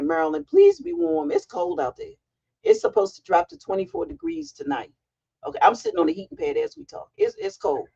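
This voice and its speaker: A middle-aged woman hosting a casual livestream from home, chatty and excitable as she greets viewers. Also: fairly low pitch, creaky. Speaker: livestream host. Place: home, sitting on a heating pad. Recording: dull lo-fi livestream audio.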